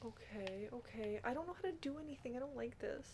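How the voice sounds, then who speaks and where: A woman's voice: fairly high pitch, quick pace, background noise. A young woman hosting a gaming vlog, talking casually and panicking and laughing a lot as she plays. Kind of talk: casual gameplay chat.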